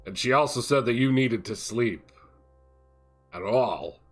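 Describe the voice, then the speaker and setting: A man's voice: medium pitch, faint music behind. A man narrating a tabletop game as game master, often laughing. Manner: laughs often, slow and lively.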